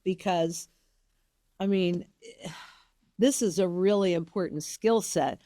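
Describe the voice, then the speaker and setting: A woman's voice: fairly low pitch, takes it slowly, warm tone, dry recording, studio quality. An older woman hosting an interview, talking in an emphatic, chatty way about family. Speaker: interview host. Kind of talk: casual interview conversation.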